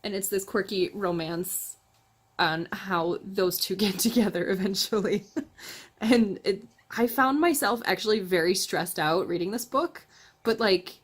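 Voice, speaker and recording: Woman host, casual book-review chat, giggly, self-correcting, mid-range voice. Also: mid-range voice. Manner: chatty, laughs often, self-correcting.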